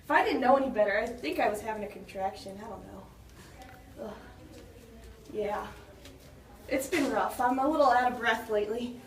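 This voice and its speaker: Teen girl as overdramatic expectant mother, school skit, high voice, far-off mic with noise. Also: normal speed, pauses often, close to an everyday voice. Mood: chatty. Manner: melodramatic, shrieking in labor. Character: pregnant woman, dramatic and complaining. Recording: roomy far-off camera audio with noise.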